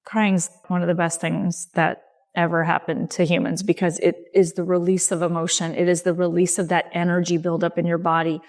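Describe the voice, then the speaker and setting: A middle-aged woman coach hosting a podcast, talking gently and reassuringly in short, unhurried phrases. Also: on the low side. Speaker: leadership coach and podcast host. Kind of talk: reflective solo podcast talk.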